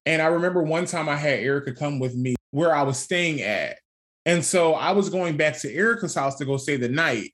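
Young man, casual podcast chat, candid, laughing, swearing, somewhat high pitch. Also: fairly quick, a bit bright. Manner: candid storytelling, swears freely, laughs often. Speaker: podcast co-host.

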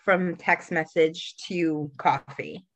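A woman with a slightly low voice co-hosts a podcast in easy, casual chat. She talks with confidence, often circling back and restarting her sentences. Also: fairly even intonation, dry recording. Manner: chatty, self-assured, halting restarts. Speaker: podcast co-host.

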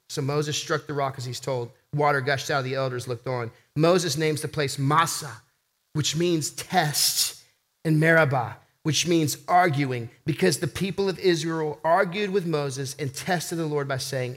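A man's voice: on the high side, unhurried, a bit bright. A man preaching a sermon as pastor, impassioned, rising and falling for emphasis.

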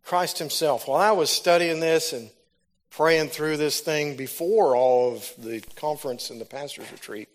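A man with a fairly high pitch preaches at a moderate pace. His sermon is a personal testimony, narrated like a story, that mounts into loud and fervent preaching.

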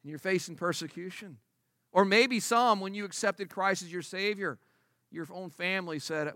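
A man's voice: sits high, moderate pace, pushed and bright, dry recording, clean studio sound. A man preaching a sermon as pastor to his congregation, emphatic and conversational, asking many rhetorical questions. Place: church service before a congregation.

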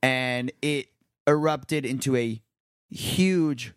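A man of about thirty from New Jersey co-hosts a casual podcast with a mid-range voice. He talks in a relaxed, filler-heavy way, and the recording is dry and close. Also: mid-range voice, very slow, clear, resonant tone, no room sound. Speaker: podcast co-host. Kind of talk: casual chat.

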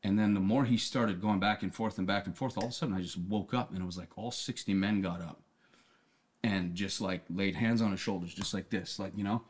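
A man's voice: sits low, steady tone, a little fast, husky. A man on a podcast, talking casually and telling an earnest story, often restarting and repeating words. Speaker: podcast guest. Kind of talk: casual conversation.

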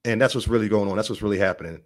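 A man hosting his own vlog in a combative, rambling political rant. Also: fairly low pitch. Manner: combative, rapid, rambling delivery. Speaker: vlog host.

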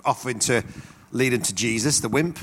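Lively preacher telling stories. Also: male voice, mid-range voice, fairly quick, slight background noise. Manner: animated storytelling with acted-out quotes. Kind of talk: sermon.

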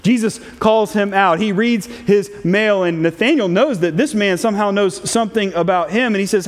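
A man preaching a sermon, reading scripture in a measured, solemn way and stressing key phrases. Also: high voice. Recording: long hall reverb.

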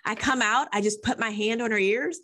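A woman hosts a relaxed faith conversation, often affirming her guest. When she tells her own story she speaks plainly, with a few fillers and restarts. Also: a little high, a little fast. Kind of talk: casual faith talk.

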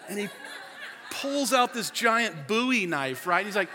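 A man in his forties preaches with a high, ringing voice, lively and chatty, laughing as he goes and scattering fillers through his talk. His voice carries a long reverb, as in a large church sanctuary. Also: fairly quick, a little hiss or hum. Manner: energetic, chatty, laughs often, many fillers. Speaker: pastor. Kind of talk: sermon.

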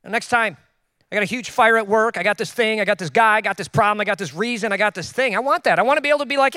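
A man preaching a sermon in a casual, joking way, with quick asides to the congregation. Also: high voice, pushed and bright, smooth, no echo, clean studio sound. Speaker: pastor. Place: church.

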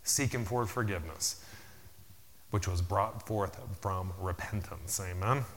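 A man preaching a sermon as pastor, repeating his phrases, dropping in "amen" often, and building to loud, emphatic peaks. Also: low-pitched, measured pace, slight background noise. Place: church sanctuary. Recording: long reverb of a large hall.

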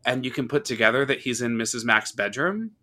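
Bright-voiced man recapping a movie. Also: medium pitch, brisk. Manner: animated storyteller, acts out quotes. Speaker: podcast host. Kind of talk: casual horror movie discussion.

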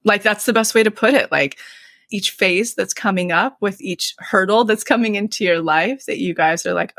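A woman's voice: medium pitch, normal speed, fairly bright tone, no room sound. Earnest woman host, dry close mic. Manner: earnest, heartfelt, many fillers like "like" and "you know". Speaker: podcast host. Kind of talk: casual conversation.

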